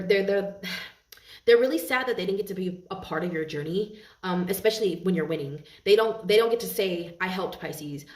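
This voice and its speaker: A woman giving a tarot reading to her viewers, earnest and heartfelt, often repeating and restarting her phrases. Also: lowish voice. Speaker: tarot reader. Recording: roomy echo, mic at a distance.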